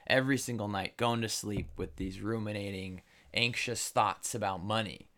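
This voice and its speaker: A man's voice: lowish voice, steady tone, normal speed, pushed and bright. A man hosting a podcast conversation, agreeable and affirming toward his guest.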